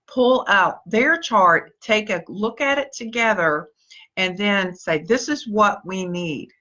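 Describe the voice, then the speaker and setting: A woman with a bright, forceful voice gives an upbeat live-stream pep talk and calls out viewers by name. The audio is dull and lo-fi, as from a live stream. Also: mid-range voice. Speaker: motivational speaker and team leader.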